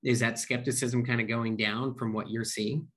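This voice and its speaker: A man's voice: medium pitch, flat delivery, moderate pace, fairly bright tone. A man hosting an interview, asking friendly, curious questions about investing. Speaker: interview host.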